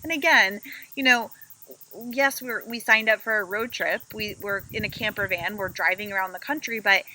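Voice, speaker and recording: A woman co-hosting a podcast from a camper van, telling stories in a lively way and acting out her own complaints. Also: mid-range voice, moderate pace, low-quality recording. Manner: animated storytelling, acts out her own complaints. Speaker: podcast co-host. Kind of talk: casual chat.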